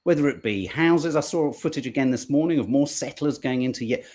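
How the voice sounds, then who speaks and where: A man's voice: medium pitch, brisk, a little mellow. A man hosting a podcast, commenting on news clips in a sarcastic, swearing, mocking way. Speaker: podcast host.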